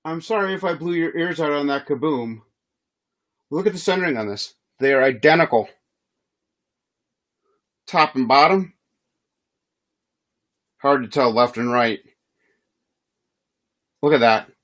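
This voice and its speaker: A man's voice: on the high side, unhurried, pauses often, a bit bright. A man hosting a live trading card box break, reading player names in a chatty, easygoing way and laughing often.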